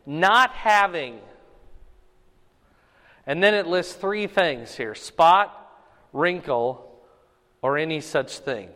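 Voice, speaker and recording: A male pastor teaching a sermon in a conversational way, stopping often to ask "okay?" and slowing down to stress key words. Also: fairly high pitch, animated, fairly bright tone, big-room sound.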